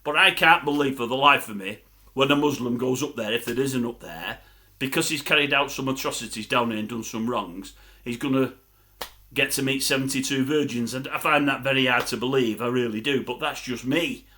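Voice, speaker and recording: A man's voice: medium pitch, fairly quick, bright, forceful tone, a little hiss or hum. An older man, rambling to camera as a vlogger in a grumbling, chatty storytelling style.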